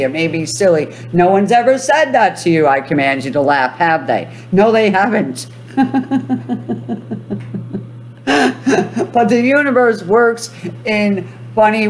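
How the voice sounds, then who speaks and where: Slow, commanding motivational coach woman. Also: lowish voice, a little hiss or hum. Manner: commanding, repetitive, breaks into laughter. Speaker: manifestation coach. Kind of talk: motivational self-help talk to viewers.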